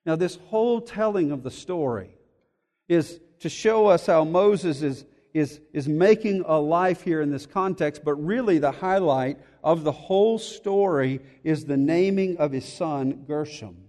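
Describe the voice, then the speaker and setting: A man's voice: on the high side, a little slow, dark tone, in a large hall. A man preaching an expository sermon in a church, earnest and repeating words as he thinks aloud. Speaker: pastor.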